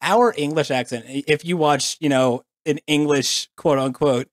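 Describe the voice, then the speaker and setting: An American man with an American accent talks loosely and jokily on a podcast, his voice sitting a bit high for a man. He rambles, circles back and cracks himself up. The recording is dry and close. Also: normal speed, no room sound. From United States. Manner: jokey, rambling, plugs his channel. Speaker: podcast co-host. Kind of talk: casual chat.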